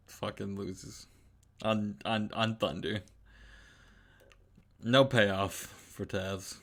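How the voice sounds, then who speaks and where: Gaming buddy guy, bright sharp voice, fed up and cussing. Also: lowish voice, steady tone, extremely slow, pauses often. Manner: exasperated, swearing. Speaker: co-host. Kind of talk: casual gaming chat.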